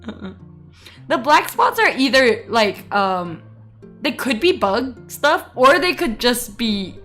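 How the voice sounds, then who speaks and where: A woman streamer chatting casually and telling animated stories, laughing often. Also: on the high side, takes it slowly, faint music behind. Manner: giggly, animated storytelling with frequent laughs. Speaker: VTuber streamer. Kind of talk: casual livestream chat.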